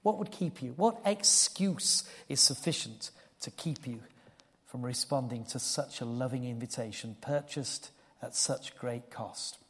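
An older man preaching a sermon, telling a personal story earnestly and dropping to a hushed tone for solemn moments. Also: mid-range voice, unhurried, husky. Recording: long hall reverb.

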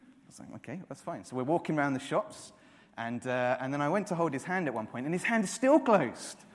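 A man's voice: on the high side, expressive, a little fast. A man in his thirties preaching a sermon, earnest, repeating words and rising to emphatic peaks. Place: church hall. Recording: long reverb of a church hall.

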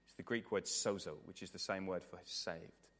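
A man preaching a sermon with earnest, repetitive emphasis, moving between raised passages and hushed ones, then leading a prayer. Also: low-pitched, fairly even intonation, moderate pace. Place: church. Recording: long hall reverb.

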